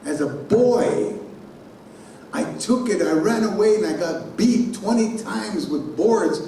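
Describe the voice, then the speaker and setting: A man giving a keynote speech in a conference hall, telling a personal story in an animated way and sounding out noises himself. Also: high voice, takes it slowly, vocal fry, long pauses, slight background noise. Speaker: keynote speaker. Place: conference hall on a college campus. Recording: very echoey hall from far off.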